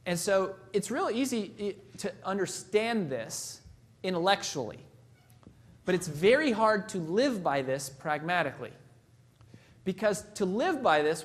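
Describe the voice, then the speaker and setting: A man delivering a motivational keynote in an emphatic, storytelling manner. His voice sits notably high for a man, and he repeats key phrases for weight. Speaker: motivational speaker.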